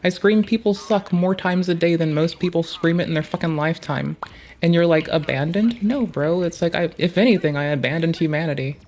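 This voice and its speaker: A woman's voice: deep voice, a little fast, darkish tone, slight background noise. A woman chatting while gaming, blunt and sardonic, swearing freely. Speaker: gaming partner on stream. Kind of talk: casual chat while gaming.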